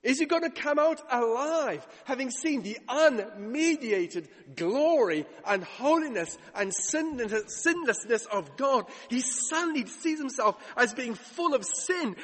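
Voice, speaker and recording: A man's voice: very high-pitched, lively intonation, measured pace, few pauses, a bit bright. A man preaching a sermon, retelling scripture dramatically and acting out the voices he quotes. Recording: long hall reverb.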